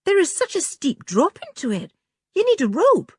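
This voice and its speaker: A woman putting on an emotional high young boy. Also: huge pitch swings, moderate pace, no room sound, studio quality, full character voice. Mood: indignant. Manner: choked, pleading and emotional.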